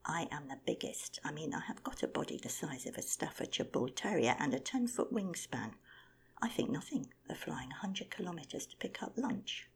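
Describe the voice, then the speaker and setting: A woman's voice: deep voice, big pitch swings, normal speed, gravelly, exaggerated voice. A woman voicing an arrogant, self-important male condor, king of the birds, in a whispered storybook reading. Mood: boastful.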